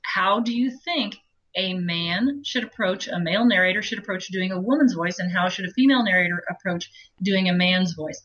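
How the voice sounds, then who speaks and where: A woman with a low voice, an audiobook narrator talking through her approach in a chatty, explanatory interview. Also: brisk, a bit bright, rough recording. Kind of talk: conversational interview.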